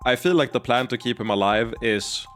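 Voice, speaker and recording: A man's voice: mid-range voice, moderate pace, a bit bright. A man streaming a game, thinking aloud and musing about its story. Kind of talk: live game commentary. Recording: faint music behind.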